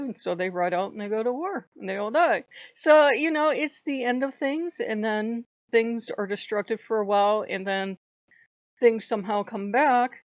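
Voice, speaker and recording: A woman hosting her own channel, ranting in a heated, profane way with sudden loud outbursts, recorded with dull lo-fi sound. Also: fairly high pitch, moderate pace, dry recording. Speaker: channel host. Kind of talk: ranting vlog monologue.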